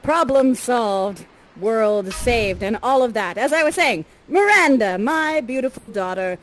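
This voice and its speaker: This rough recording captures a slightly high, expressive female voice moving at a measured pace. In improvised interactive theatre she plays Prospero, steering the players like a guide and father figure, chatty, playful and full of encouragement.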